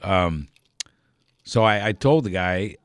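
A man's voice: low voice, animated, takes it slowly, dry recording, clean studio sound. A middle-aged man telling a rambling anecdote on the radio, correcting himself and chuckling as he goes. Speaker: storyteller on a radio program. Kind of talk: casual anecdotal storytelling.

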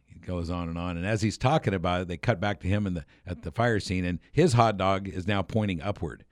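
A man's voice: sits low, fairly quick, few pauses, no echo, clean studio sound. A man hosting a radio show, casually telling a rambling story with chuckles and restarts.

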